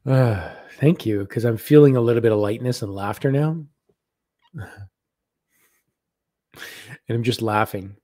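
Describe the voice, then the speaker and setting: A man giving live spiritual readings on a stream, talking gently and haltingly and repeating words as messages come to him. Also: medium pitch, no room sound, clean studio sound.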